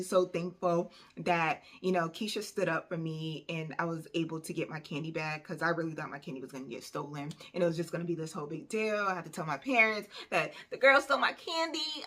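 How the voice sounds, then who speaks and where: Woman vlogger, storytime, animated and chatty, low pitch, bright edge. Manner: animated, conversational, lots of fillers. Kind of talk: storytime vlog.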